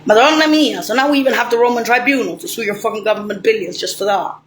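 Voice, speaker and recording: A woman's voice: a little high, fast talker, slight background noise. A woman delivering a rambling, angry, profane monologue straight to the listener. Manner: ranting, swearing, rambling. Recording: roomy echo, faint ambience.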